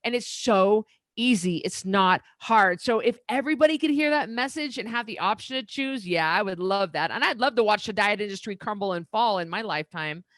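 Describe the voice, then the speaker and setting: A woman's voice: mid-range voice, lively intonation, a little fast, hardly any pauses, fairly bright tone, dry recording. A middle-aged woman, a diet coach, talking openly and emotionally as a podcast guest. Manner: emotional, earnest, open. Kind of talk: candid interview talk.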